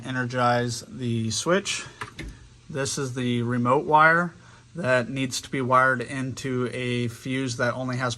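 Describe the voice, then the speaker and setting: A man with a medium-pitched, bright, forceful voice hosts a car channel from a vehicle workshop. Working on the vehicle, he casually walks through a hands-on DIY install step by step.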